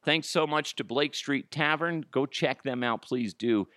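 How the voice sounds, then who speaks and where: A man's voice: mid-range voice, a little slow, fairly bright tone, dry recording, studio quality. A man hosting his solo podcast, ranting profanely and laughing at his own jokes. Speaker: podcast host.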